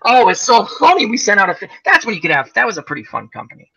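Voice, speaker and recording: A man's voice: high voice, wildly swooping pitch, quick pace, creaky, pushed and bright, breathy edge, low-quality recording. A man hosting a casual chat, telling rambling stories with lots of fillers. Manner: rambling storyteller, many fillers. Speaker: host.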